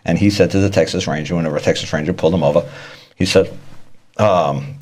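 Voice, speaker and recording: A deep-voiced man with a darkish, breathy tone talks quickly and casually about court matters, rambling and repeating himself. He explains law and courtroom tactics and performs the voices of the people he quotes.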